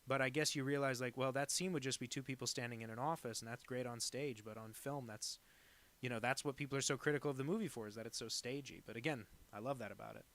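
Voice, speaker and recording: A man's voice: medium pitch, fast talker, a bit bright. A man streaming live as he draws requests, chatting casually and rambling from one aside to the next, often poking fun at himself. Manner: rambling and digressive, with many fillers; self-deprecating. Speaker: cartoonist drawing viewer requests on a live stream.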